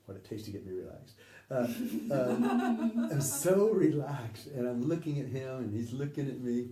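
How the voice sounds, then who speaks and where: A man, an interview guest, telling a personal story in a vivid, animated way. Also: medium pitch, measured pace, echoey room, far from the mic.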